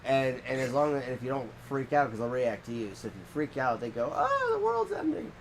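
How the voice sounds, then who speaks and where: A man's voice: steady tone, a little fast, slight background noise. Rambling podcast guy with a head cold. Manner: rambling storytelling, acts out quotes in squeaky voices. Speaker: podcast co-host. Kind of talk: casual chat.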